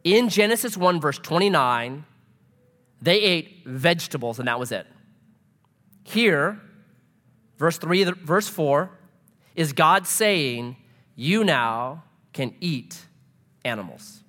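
A middle-aged man preaching a sermon in a relaxed, conversational way, mixing humor and personal stories. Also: a little high, slow, pauses often. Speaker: pastor. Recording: long hall reverb.

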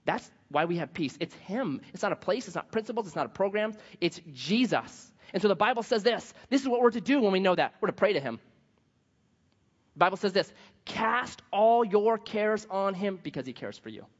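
A man preaching a sermon, telling a story in a lively way and acting out the voices of the people in it. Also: high voice, a little fast, breathy edge. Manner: animated storytelling, acts out quoted voices. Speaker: pastor. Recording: dull sound with long hall reverb.

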